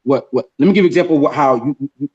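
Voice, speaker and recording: A man's voice: fairly high pitch, darkish tone. Emphatic man with a dull lo-fi sound. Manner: emphatic, repeats key phrases, slows down to stress sayings. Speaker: livestream panelist. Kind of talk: casual livestream chat. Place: in a jungle.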